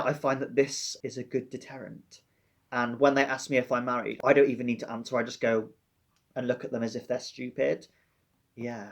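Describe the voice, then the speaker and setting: A Welsh man, a teacher, chatting casually and wryly to camera with a slightly dramatic touch. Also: medium pitch. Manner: chatty, wry, a bit dramatic. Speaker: teacher and book vlogger. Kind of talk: casual chat.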